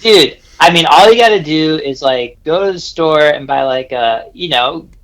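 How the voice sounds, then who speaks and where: A man chatting on a podcast, telling loose stories full of restarts and fillers. His voice is bright and sits a bit high for a man, recorded close and dry. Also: lively intonation, moderate pace, dry recording, low-quality recording. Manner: rambling, many restarts and fillers. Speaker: podcast co-host. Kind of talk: casual podcast chat.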